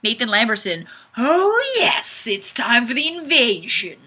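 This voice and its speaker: A playful woman hosts a live webcam chat and reads viewer comments with a giggly, sing-song delivery. Her voice sits fairly high and bright, and her pitch swings widely. She takes her time, speaking at an unhurried pace. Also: sing-song. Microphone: webcam microphone.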